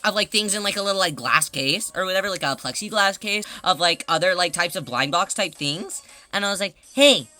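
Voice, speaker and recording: A woman streamer in casual livestream chat, rambling through a story with many fillers and breaking into laughing shouts. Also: fairly low pitch, fairly quick, few pauses, dry recording, faint music behind. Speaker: live streamer.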